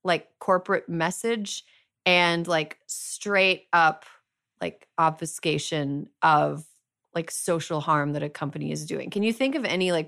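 A woman's voice: sits low, a bit bright. A woman hosting a podcast, talking casually with lots of fillers and a playful tone. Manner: chatty, filler-heavy, playful. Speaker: podcast host. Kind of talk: casual chat.

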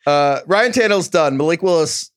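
Animated, higher-voiced man co-hosting. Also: normal speed, clean tone, no echo, clean studio sound. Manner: rambling, self-mocking, steers the show. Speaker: podcast co-host. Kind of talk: casual sports podcast banter.

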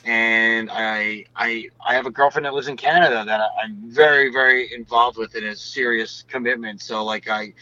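A man's voice: mid-range voice, steady tone, moderate pace, hardly any pauses, sharp tone, dry recording, lo-fi sound. A young man chatting casually as an interview guest, rambling and swearing freely. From United States. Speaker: guest bassist.

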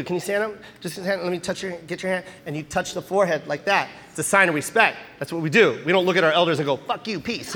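A male stand-up comedian telling animated, profane stories on stage, recorded live in a large hall. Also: sits high, a little hiss or hum. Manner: animated, profane, act-out storytelling. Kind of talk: stand-up storytelling. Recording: live show in a hall with audience. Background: audience laughter.

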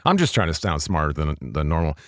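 Low-voiced rambling male podcast host. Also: sing-song, a little fast, no echo, studio quality. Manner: rambling, self-deprecating, many fillers and restarts. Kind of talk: casual interview chat. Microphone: studio podcast mic.

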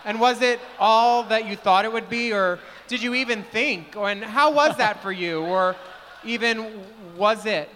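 A man's voice: high voice, unhurried, a bit bright, long reverb tail, a little hiss or hum. A man hosting a podcast, asking questions in a dry, teasing way. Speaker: podcast host. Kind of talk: casual podcast chat.

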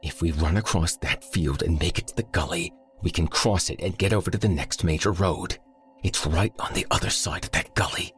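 A man's voice: sits low, normal speed, faint music behind, close to an everyday voice. A male narrator voicing a hardened, injured man who talks bluntly and gives orders. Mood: firm. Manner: blunt, commanding, snarling. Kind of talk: audiobook character voice.

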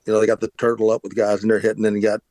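A man's voice: on the low side, completely flat delivery, very fast, a little mellow, no echo. A middle-aged man hosting a podcast, telling a long story casually, with frequent restarts and filler words. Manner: rambling, many restarts and "uh"s. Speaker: podcast host, former pitcher.

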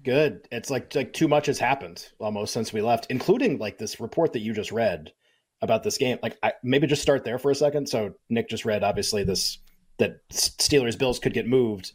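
A man co-hosting a sports talk show, riffing in an animated, incredulous way and often restarting his sentences. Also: mid-range voice, moderate pace, breathy edge. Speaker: sports radio co-host.

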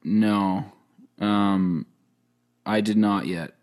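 A man's voice: fairly low pitch, fairly even intonation, drawn-out words, a little mellow. A man co-hosting a casual podcast, friendly and thoughtful. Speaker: podcast co-host. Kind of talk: casual chat.

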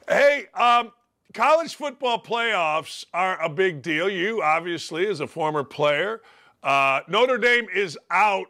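A man from Indiana hosting a casual sports interview, jokey and animated and quick to laugh. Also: high voice. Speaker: host.

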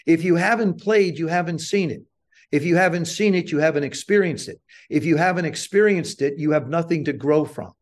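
Older guy spinning a funny story, acts out the lines, voice sits a bit high. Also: brisk. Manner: animated, self-deprecating storyteller who acts out quotes. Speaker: guest. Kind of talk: storytelling interview.

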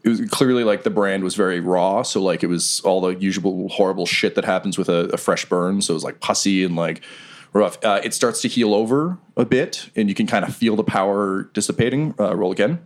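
A man's voice: low voice, brisk. A man narrating a tabletop role-playing game as game master, telling the story loosely with many fillers. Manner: relaxed, filler-heavy storytelling.

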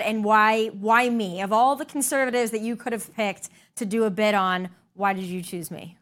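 A woman's voice: on the high side, a bit bright. A woman hosting a political talk show, with an upbeat, punchy delivery. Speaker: host.

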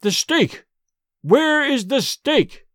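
A man voicing a grim, furious peasant father who shouts harsh accusations in a storybook reading. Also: extremely high pitch, very animated, extremely slow, dry recording, clean studio sound, pitched above the performer's own voice, exaggerated voice.

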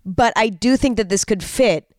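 Candid, chatty young woman with a smooth voice. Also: medium pitch, normal speed, darkish tone, dry recording, clean studio sound. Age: young adult. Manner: candid and chatty, swears freely. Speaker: podcast host. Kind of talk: casual solo podcast monologue.

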